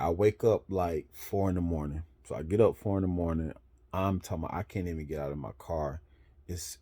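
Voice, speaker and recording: A man with a very low voice tells a casual road story as a truck driver. His tone is dark and mellow. He rambles, corrects himself, and keeps punctuating with "boom.". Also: slightly rough.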